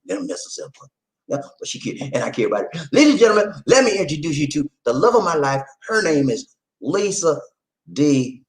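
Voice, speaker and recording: A man from the United States hosting a live stream, talking loud and playful, often repeating himself. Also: on the high side, very animated, fairly quick, low-quality recording. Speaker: host. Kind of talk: lively live-stream chat.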